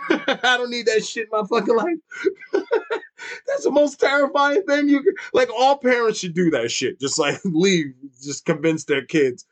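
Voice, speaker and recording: A man's voice: very high voice, sing-song, measured pace, fairly bright tone. A man in his thirties telling a funny childhood story in casual chat, swearing freely and laughing often. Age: 30s.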